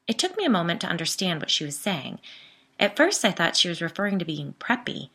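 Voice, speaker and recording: Bright-voiced woman narrating a story. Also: fairly low pitch, big pitch swings, a little fast, husky. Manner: conversational, wry. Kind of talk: first-person story narration.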